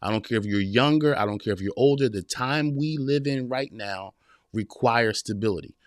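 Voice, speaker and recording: A man in his forties hosts a live-streamed motivational podcast, speaking at a medium pitch and moderate pace. He preaches casually and directly to his listeners, repeating his points and calling them "y'all" and "man." The studio-quality recording has no echo.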